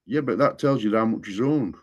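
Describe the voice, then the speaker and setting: A man with a fairly low voice rambles in casual chat at a fairly quick pace, recorded with the highs cut off. He keeps repeating the stock phrase "what I'm saying to you."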